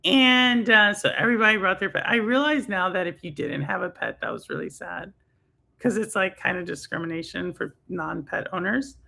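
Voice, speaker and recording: A woman's voice: medium pitch, moderate pace, creaky, sharp tone. A young woman hosting a live stream, chatting casually with viewers, laughing often and filling her talk with fillers. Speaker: stream host reading chat.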